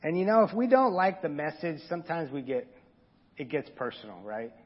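A man's voice: a little high, very animated, fairly quick, husky, lo-fi sound. A man preaching an informal, earnest sermon and talking straight to his congregation. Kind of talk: conversational sermon.

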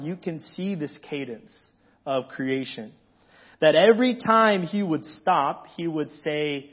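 Man, pastor, sermon, conversational, slightly high voice, muffled audio. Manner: conversational, asks the congregation "right?" often. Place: church sanctuary.

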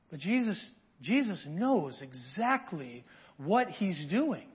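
A man's voice: high-pitched, big pitch swings, measured pace, breathy edge. A man preaching a sermon in church, talking conversationally and asking the congregation questions. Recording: dull lo-fi audio.

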